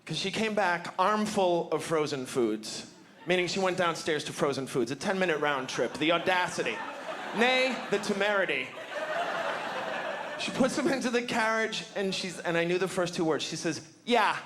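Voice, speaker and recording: A man doing wry, wordy stand-up storytelling on a club stage, breaking into sudden shouted outbursts. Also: high voice, lively intonation, normal speed. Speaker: stand-up comedian. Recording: live club recording with noise.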